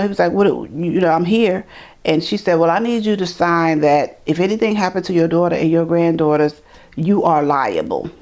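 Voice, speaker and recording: A middle-aged woman from New York telling her life story in an interview, animated and acting out the people she quotes. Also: low-pitched. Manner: animated, acts out quoted voices, repeats words. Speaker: interview guest. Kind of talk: storytelling in conversation.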